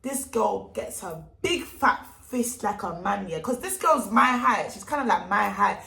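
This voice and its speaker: A young woman telling a storytime vlog, animated and emphatic, full of street slang. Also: mid-range voice, measured pace, vocal fry. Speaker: vlogger. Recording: echoey room.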